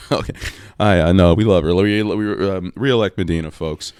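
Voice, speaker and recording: A man co-hosting a comedy podcast, trading fast jokes and laughing often. His voice is smooth and clear, and it sits close and dry on the mic. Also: low voice, darkish tone, dry recording. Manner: jokey, quick riffing, laughs often. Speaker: podcast co-host. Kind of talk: casual comedy podcast banter.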